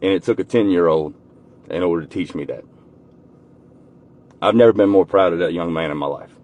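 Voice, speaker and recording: A man telling a personal story in a casual, folksy way, swearing now and then and going quiet and soft at the emotional parts. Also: fairly quick, muffled recording. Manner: folksy, swears casually, voice drops low and soft when moved. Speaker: storyteller uncle.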